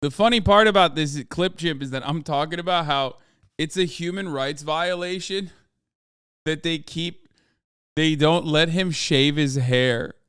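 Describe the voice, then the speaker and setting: A man's voice: fairly high pitch, unhurried, fairly bright tone, clean tone, no room sound, clean studio sound. A man streaming live, reacting casually and swearing freely, slipping into exasperated rants. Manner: profane, ranting, exasperated.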